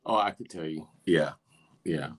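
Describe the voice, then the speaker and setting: A man co-hosting a podcast, telling an expressive comic story about family life. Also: rumbling low, normal speed. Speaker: podcast co-host. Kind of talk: comedic storytelling.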